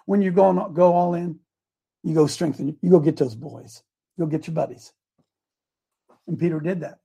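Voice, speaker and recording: Husky high-voiced man preaching with slang. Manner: animated, slangy, acts out scripture with street talk. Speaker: host and preacher. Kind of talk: preaching Bible commentary on a live show.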